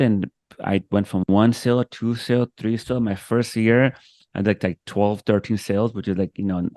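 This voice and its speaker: A man's voice: fairly low pitch, darkish tone, dry recording. A man speaking as a guest on a video-call interview, telling a personal story with emotion, acting out what others said, with frequent restarts. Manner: emotional, acts out quoted voices, frequent restarts.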